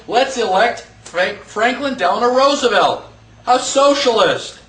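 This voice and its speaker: A man teaching a class in a lively lecture, quizzing the students and acting out quotes. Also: very high-pitched, unhurried. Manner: animated, asks the class questions, acts out quotes. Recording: echoey room, voice from far off.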